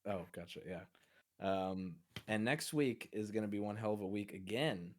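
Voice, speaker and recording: A man's voice: fairly low pitch, normal speed, slight background noise. A man co-hosting a casual film podcast, rambling through stories with many fillers. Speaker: podcast co-host.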